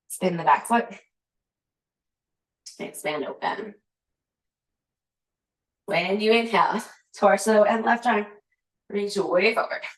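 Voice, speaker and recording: A woman teaching a yoga class, calling out poses and breath cues with chatty, laughing asides. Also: medium pitch. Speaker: yoga instructor. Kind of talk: guided yoga class cueing. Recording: echoey room.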